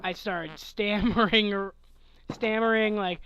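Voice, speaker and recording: Sleepy young man rambling slowly. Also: high-pitched, steady tone, fairly bright tone, muffled recording, slight background noise. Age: 20s. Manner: rambling, chuckling, trailing off mid-thought. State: sleepy, yawning. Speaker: gaming channel host answering questions. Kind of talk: casual late-night Q&A chat.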